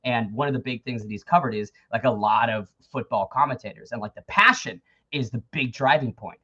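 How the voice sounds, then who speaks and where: A man's voice: mid-range voice, a little fast, sharp tone, breathy edge. American man, interview guest, easygoing chatty talk, remote call, muffled lo-fi sound. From United States. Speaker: guest, MMA commentator. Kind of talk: casual interview chat.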